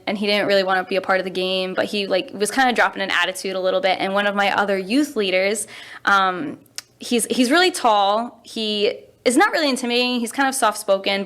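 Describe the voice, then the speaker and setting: A woman in her twenties, a youth pastor and teacher, telling stories in a casual interview and acting out quotes with big jumps in her voice. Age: 20s. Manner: animated, acts out quotes with big pitch jumps.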